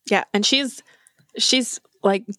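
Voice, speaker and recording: A woman's voice: mid-range voice, dry recording, studio quality. Chatty woman recapping a horror film. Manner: animated, swears freely, acts out characters' lines in quick impressions. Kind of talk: casual chat.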